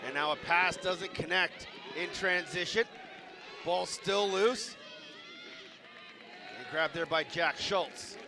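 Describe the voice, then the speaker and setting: A man calling a lacrosse game live, rattling off names quickly and shouting on goals and saves. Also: high-pitched, noisy background. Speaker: play-by-play commentator. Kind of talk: live sports commentary. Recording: loud stadium crowd behind.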